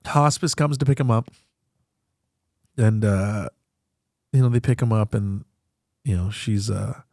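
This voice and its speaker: A man's voice: on the low side, unhurried, darkish tone, no echo, studio quality. A young man, a comedian and podcast host, talking candidly and profanely about grief, rambling and laughing through it. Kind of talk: candid casual talk.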